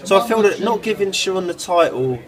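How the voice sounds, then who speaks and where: Guy, correspondent banter, dry and cutting; slightly high voice, crowd noise behind. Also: lively intonation, fairly quick, rough recording. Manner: cutting, dry put-downs. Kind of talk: casual banter.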